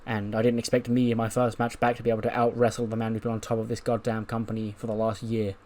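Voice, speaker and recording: A man voicing a determined veteran male wrestler who talks in a measured, sarcastic way. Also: fairly low pitch, completely flat delivery, a little mellow, lightly acted.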